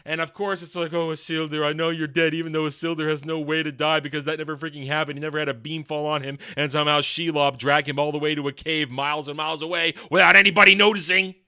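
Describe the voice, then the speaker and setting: A man rants through a show review in a crude, sarcastic tone, tripping over restarts as he goes. His voice sits high and sounds bright and forceful. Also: little pitch movement, fast talker, few pauses, clear, resonant tone.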